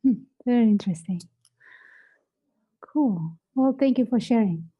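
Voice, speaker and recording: Soft-toned woman guiding gently. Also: a little high, unhurried, breathy edge, rough recording. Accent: Lithuanian. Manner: calm, encouraging, gently prompting. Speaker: self-inquiry guide. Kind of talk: guided inquiry session.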